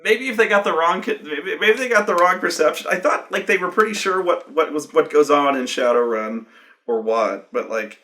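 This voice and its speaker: A man's voice: a little high, expressive, moderate pace, bright, forceful tone. A man who ran a tabletop game telling a story from it in a casual, profane, rambling way, with many false starts.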